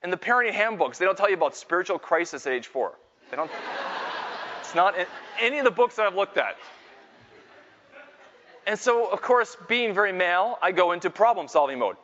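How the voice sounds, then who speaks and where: Man, middle-aged, fairly high voice, long hall reverb, lively self-mocking storyteller, faith talk. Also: brisk, pauses often, lo-fi sound. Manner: animated, self-mocking storytelling that builds to loud exclamations. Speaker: Catholic speaker and Scripture teacher. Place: large hall with a live audience.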